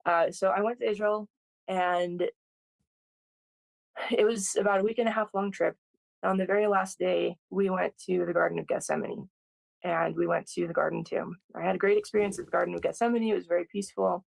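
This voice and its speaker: Soft, thoughtful guest with vocal fry. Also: mid-range voice, steady tone, fairly quick, no echo, poor audio. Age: 30s. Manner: thoughtful, hesitant, many fillers and restarts. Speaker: podcast guest. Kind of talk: personal storytelling.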